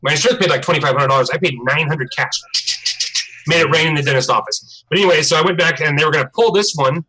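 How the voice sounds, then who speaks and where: Bright, animated man telling a story. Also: on the high side, quick pace, slightly rough, rough recording. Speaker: livestream co-host. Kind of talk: casual live-stream chat.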